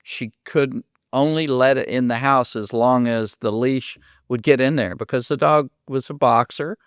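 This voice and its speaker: Older Oklahoma man with a smooth voice. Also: medium pitch, measured pace, no room sound, studio quality. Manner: folksy storyteller, acts out dialogue. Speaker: podcast host and dog trainer. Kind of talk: casual podcast monologue with stories.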